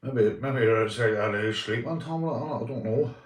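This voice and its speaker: A Northern Irish man livestreams, chatting casually and rambling to viewers, swearing and calling everyone mate. His mid-range voice is unhurried and sounds far from the mic, with a roomy, off-mic quality.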